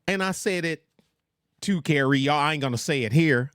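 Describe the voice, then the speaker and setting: A man's voice: a little high, moderate pace, fairly bright tone, clean tone, dry recording, clean studio sound. A man hosting a casual livestream, rambling with blunt, trash-talking asides. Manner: mocks others in put-on voices. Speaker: livestream host.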